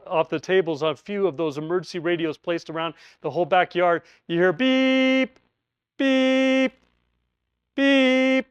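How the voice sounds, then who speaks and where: A man teaching emergency preparedness, talking through a scenario in an animated storytelling way and acting out quoted voices. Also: fairly high pitch, clean tone, dry recording, lo-fi sound.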